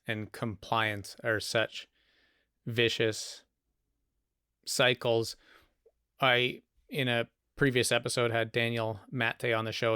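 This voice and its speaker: A man hosts a podcast, speaking in a casual, reflective manner as he poses questions to his guest. His voice has a gravelly edge, and the recording sounds dry and close to the mic. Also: medium pitch, pushed and bright, dry recording. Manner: reflective, thinking aloud. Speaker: podcast host. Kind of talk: casual interview talk.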